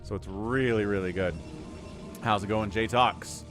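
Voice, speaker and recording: A man's voice: on the low side, fairly even intonation, measured pace. A man hosting a live game stream, chatting with viewers in an upbeat, chatty way and thanking them by name. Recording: music playing behind.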